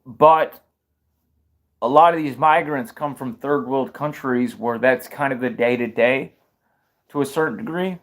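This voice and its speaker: A man's voice: mid-range voice, measured pace. A man giving opinionated livestream commentary, fired up, firing rhetorical questions and restarting sentences mid-thought.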